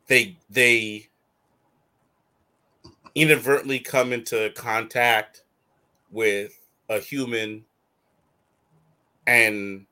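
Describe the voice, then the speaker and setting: Brief: bright, lively male talk-show host who riffs and laughs a lot. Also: on the low side. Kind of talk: casual chat.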